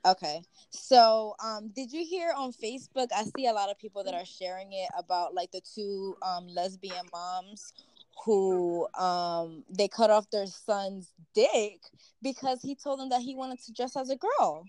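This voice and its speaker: A woman co-hosting a casual podcast chat, animated and slangy, at times reading news aloud. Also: medium pitch, measured pace, dry recording, low-quality recording. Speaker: podcast co-host.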